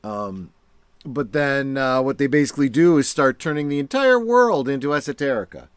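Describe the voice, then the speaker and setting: A man's voice: medium pitch, animated, moderate pace, clean tone, dry recording. A man co-hosting a casual podcast chat, explaining his points in long, loose sentences. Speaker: podcast co-host. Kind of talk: casual chat reviewing a cartoon episode.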